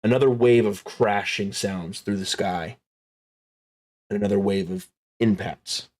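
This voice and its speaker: A man narrating a tabletop game as game master, slow and dramatic, dropping to hushed tones. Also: on the low side.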